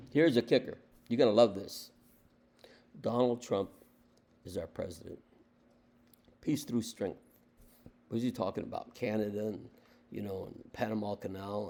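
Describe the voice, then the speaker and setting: A political commentator from the United States delivers an impassioned political monologue in a mellow, mid-range voice. He's emphatic and repetitive, firing off one rhetorical question after another.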